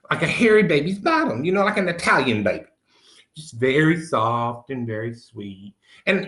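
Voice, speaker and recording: A man's voice: on the high side, pushed and bright. A man playing a crude country dude. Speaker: comedy character host. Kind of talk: improvised comic monologue. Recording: roomy echo.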